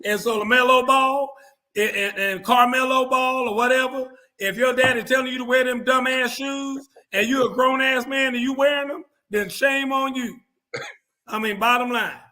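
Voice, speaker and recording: High, bright-voiced man ranting bluntly. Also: fairly even intonation, normal speed. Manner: mimics others in quoted asides. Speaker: show host. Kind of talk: casual sports talk.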